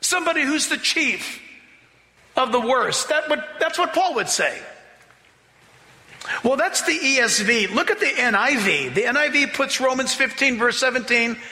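A male pastor preaching a sermon, emphatic, slowing down to read scripture aloud and mimicking voices to make his points. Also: very high voice, animated, bright, forceful tone, in a large hall.

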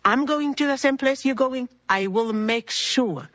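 A woman voicing a kind, motherly stranger who speaks gently and soothingly, in a slightly dull recording. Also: high-pitched, unhurried, dry recording, voice pushed up.

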